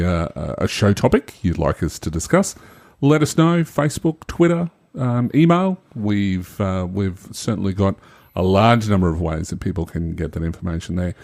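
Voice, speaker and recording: A man hosting a gaming podcast, talking in a chatty, upbeat way. His voice sits fairly low but swings up and down with lively intonation. The sound is dry and close. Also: dry recording. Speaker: podcast host. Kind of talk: casual podcast chat.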